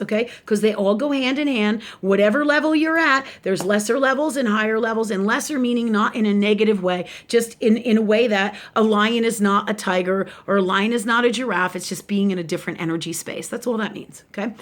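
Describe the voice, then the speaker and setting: A woman's voice: a little high, fairly bright tone. A woman giving a casual live spiritual talk, rambling and frank, with frequent restarts and casual swearing. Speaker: spiritual teacher and shop owner.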